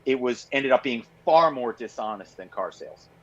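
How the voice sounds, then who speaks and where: A man being interviewed about his book, with a mid-range voice. He tells his stories in an animated way, full of "you know" and "um." The audio is dull and lo-fi. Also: mid-range voice, normal speed. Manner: animated storyteller, many fillers. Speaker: author and guest. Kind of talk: podcast interview.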